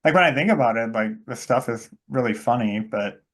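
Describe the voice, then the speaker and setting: A man's voice: medium pitch, brisk, fairly bright tone. Rambling man chatting about movies. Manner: rambling, many fillers, acts out quoted lines. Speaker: podcast co-host. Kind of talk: casual chat about movies.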